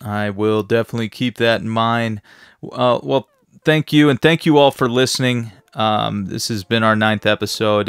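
A man hosting a casual podcast interview, asking questions in a quiet, measured way. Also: on the low side. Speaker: podcast host.

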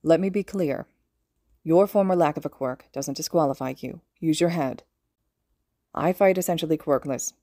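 A weary, gruff male teacher, as a woman reads him, speaks low and quietly in measured phrases. The voice sits deep and mellow for a fan audiobook, recorded dry and close. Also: dry recording. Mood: gentle, serious.

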